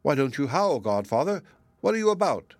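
A man voicing a grieving, short-tempered male bear in a storybook, low and curt. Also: sing-song, a little fast, no echo, clean studio sound. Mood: impatient.

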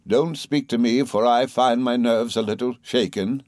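A man reading aloud as an elderly aunt, speaking slowly and deliberately in a slightly raised voice. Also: mid-range voice, steady tone, darkish tone, no room sound, studio quality, natural voice. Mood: firm, composed. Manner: slow, deliberate, clipped. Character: stern composed elderly aunt, woman.

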